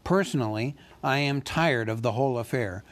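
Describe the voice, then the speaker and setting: A man voicing a fussy, polite male hobbit who talks in a businesslike way and squeaks when nervous. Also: unhurried, a little mellow, lightly acted.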